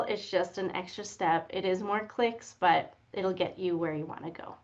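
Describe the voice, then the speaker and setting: A woman's voice: mid-range voice, lively intonation, moderate pace, hardly any pauses. A woman co-presenting a library webinar, playful and reassuring as she walks through the steps. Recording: dull lo-fi webinar audio.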